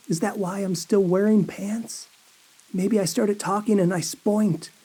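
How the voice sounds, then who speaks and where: Slow, mellow-voiced man reading horror. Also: fairly high pitch. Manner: dazed, anxious inner monologue with many halting questions. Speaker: horror story narrator. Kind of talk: first-person horror audiobook reading.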